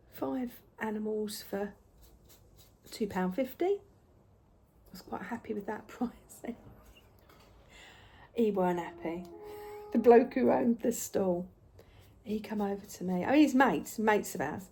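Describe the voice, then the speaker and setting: A woman's voice: medium pitch, a little slow, creaky, pauses often, dark tone, slight background noise. A woman telling chatty craft-market stories while she paints, sometimes dropping to a whisper. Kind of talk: casual storytelling while painting.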